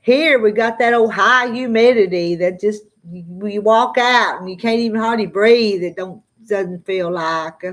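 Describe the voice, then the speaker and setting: A middle-aged woman with a Southern drawl, chatting casually with viewers on a live stream and reading out their comments. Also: medium pitch. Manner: slow drawling, chatty, often laughs. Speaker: farm vlogger answering live chat.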